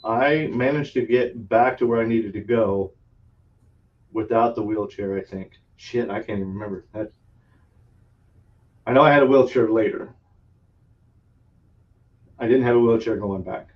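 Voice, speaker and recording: A man with a fairly low, steady voice hosts a podcast, talking at normal speed with long pauses. He tells a long, meandering anecdote in casual conversation, laughing often and cursing freely. The sound is distant, dull and lo-fi.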